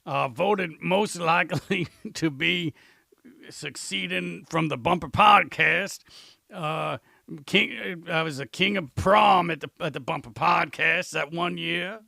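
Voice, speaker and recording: A man's voice: fairly high pitch, slow, vocal fry, sharp tone, no room sound, exaggerated voice. A man voicing a boastful, self-important sidekick who rambles with lots of fillers.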